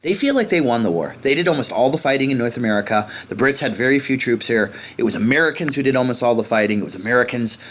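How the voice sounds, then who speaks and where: A man's voice: medium pitch, lively intonation, quick pace, hardly any pauses, fairly bright tone. Man giving a casual history lecture. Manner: conversational, many fillers, pointing at a map. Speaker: history teacher. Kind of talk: informal lecture.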